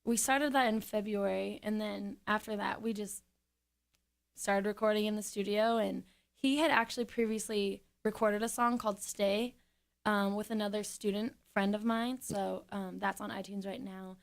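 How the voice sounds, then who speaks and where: A woman's voice: mid-range voice, fairly even intonation, moderate pace, vocal fry. A woman in her twenties, a singer, telling her story in a casual interview, chatty and giggly with lots of fillers. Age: 20s.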